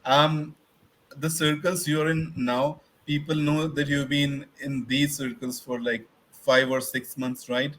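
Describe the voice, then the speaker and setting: A man's voice: on the high side, level tone, slow, a bit bright, poor audio. Man, co-host, frank and teasing, faint noise in the background. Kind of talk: casual chat.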